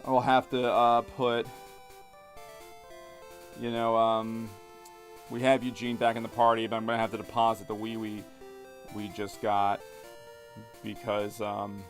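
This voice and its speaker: Slow, hesitant man narrating gameplay. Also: lowish voice, flat delivery, soft background music. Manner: hesitant, stammers and repeats words. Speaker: gaming video host. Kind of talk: casual gameplay commentary.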